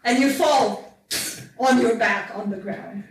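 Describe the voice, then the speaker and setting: A woman runs a tabletop game, narrating scenes in a loose, chatty way with plenty of fillers. Her voice is a little high and sits far from the mic in a very echoey room, with faint noise behind it. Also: takes it slowly. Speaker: game master.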